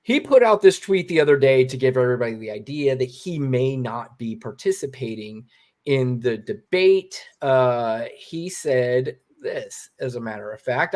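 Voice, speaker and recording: A man co-hosting a podcast, giving casual political commentary in an animated, emphatic way and swearing freely. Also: medium pitch, normal speed. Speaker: podcast co-host.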